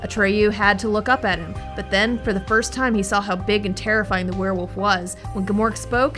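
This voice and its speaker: A woman in casual book-club chat, rambling with fillers and quick asides. Her voice sits at an average pitch. She also slips into reading passages aloud. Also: steady tone, over music. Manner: chatty, uses many fillers. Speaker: podcast co-host.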